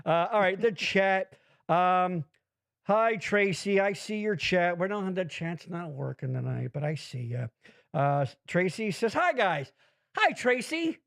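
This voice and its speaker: A man hosting a podcast, rambling in casual profane chat with big swings in pitch. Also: unhurried, creaky. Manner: rambling, swears constantly, animated swings in pitch. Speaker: podcast host.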